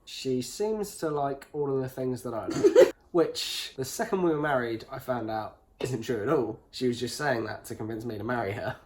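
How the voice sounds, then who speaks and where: A young English man in a relaxed chat, answering questions with a dry, teasing humour. His voice sits in a middle pitch. A faint hum runs underneath. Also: moderate pace. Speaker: interviewee, husband. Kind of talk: casual chat.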